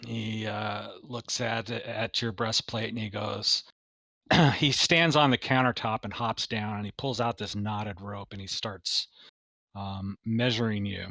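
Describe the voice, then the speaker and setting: A man narrating as game master in a tabletop game, with a slow pace and many "uh" fillers. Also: lowish voice, steady tone, creaky, sharp tone, no echo.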